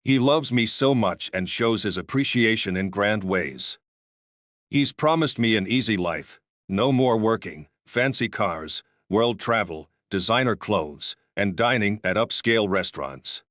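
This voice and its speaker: A man reading the lines of an apologetic wife who is leaving her husband, in his usual even narrating voice. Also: lowish voice, a little slow, no echo, studio quality. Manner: evenly read, little change from narrator.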